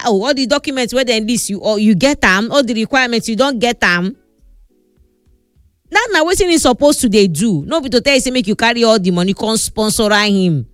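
A Nigerian Pidgin-speaking woman gives blunt, casual advice in her vlog, her voice sitting high and a bit bright. She scolds emphatically and repeats herself for stress. The recording is dry and close with no echo, and faint music plays beneath her.

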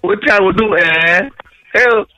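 Nigerian man caller, high pitch, very bright tone, dry sound, teasing loud talk. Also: soft background music, low-quality recording. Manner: loud, fast, teasing with repeated "eh?". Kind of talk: call-in radio chat.

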